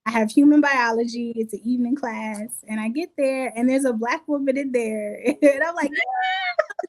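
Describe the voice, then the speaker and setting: A young adult woman telling her life story in an interview, lively and acting out the people she quotes. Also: on the high side, moderate pace. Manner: animated, acts out quotes with laughs. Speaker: guest. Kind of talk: conversational storytelling.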